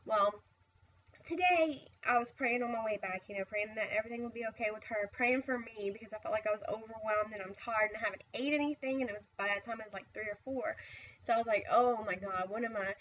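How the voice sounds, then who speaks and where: A woman's voice: on the high side, quick pace, a bit bright, far from the mic, lo-fi sound, slight background noise. A tired middle-aged woman telling a personal story in a casual, rambling way, full of "I was like" asides. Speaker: vlogger.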